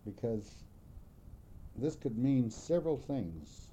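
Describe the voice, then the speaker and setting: Man, slow and measured, very dark mellow tone, faint rumble behind; careful explainer. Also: sing-song. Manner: measured, careful, repeats example words.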